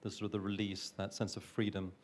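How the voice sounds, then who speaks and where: Soft-spoken hesitant male producer. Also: fairly low pitch, monotone, quick pace. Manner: thoughtful, hesitant with frequent restarts. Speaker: film producer. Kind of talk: panel talk.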